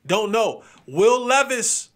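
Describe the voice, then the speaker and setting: A man with a high, bright, forceful voice hosts a sports show. He runs through his game picks in a loose, playful chat. He stacks up repeated lines to drive each pick home. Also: slow. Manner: animated and playful, repeats phrases for emphasis.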